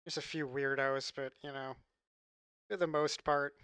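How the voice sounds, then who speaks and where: A man's voice: mid-range voice, flat delivery, a little slow, fairly bright tone, clear, resonant tone, no echo. A man chatting casually with his audience on a live stream, loose and joking, laughing often and swearing freely. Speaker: livestreamer.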